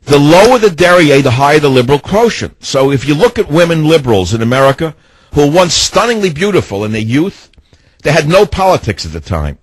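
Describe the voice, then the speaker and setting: Husky, animated male radio host. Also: a little high, brisk, no echo. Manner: sarcastic, mocking, meandering. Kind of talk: rambling talk radio monologue.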